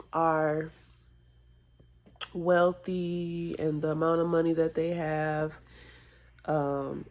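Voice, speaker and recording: A tearful woman vlogging a personal confession, halting and reflective, with sighs and whispered asides. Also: sits low, warm tone. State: tearful, close to crying.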